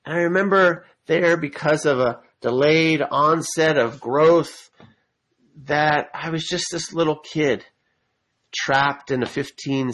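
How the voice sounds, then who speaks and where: A man's voice: mid-range voice, a bit bright, low-quality recording. Male preacher, earnest sermon delivery that climbs into emphatic appeals. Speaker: pastor.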